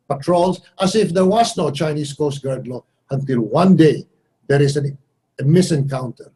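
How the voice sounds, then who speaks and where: A man from the Philippines answers interview questions bluntly and wryly, now and then acting out what others said. His voice is husky and mellow, a little high for a man. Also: rough recording. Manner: blunt, wry, acts out others' lines with shifts in voice. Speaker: foreign minister, guest.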